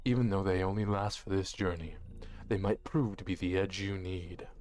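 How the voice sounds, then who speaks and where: An actor voicing the sardonic male narrator of a dark video game, in a dry, measured scripted style. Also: sits low, steady tone, a little hiss or hum, natural voice. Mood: wry.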